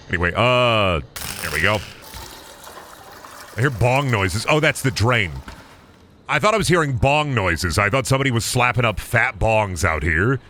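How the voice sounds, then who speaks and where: A man's voice: mid-range voice, lively intonation, normal speed, bright, forceful tone, a little hiss or hum. A young man streaming a game, chattering goofily and crudely to his chat. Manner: goofy, crude, talks to chat. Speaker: gaming streamer. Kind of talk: casual game commentary.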